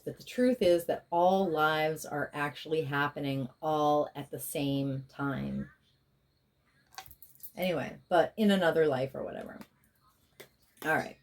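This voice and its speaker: A woman giving a spiritual tarot reading in a rambling, chatty way, with stretches of chanted, repeated affirmations. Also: sits low. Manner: rambling, chatty asides, drops into intense repeated incantations. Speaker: tarot reader and spiritual healer.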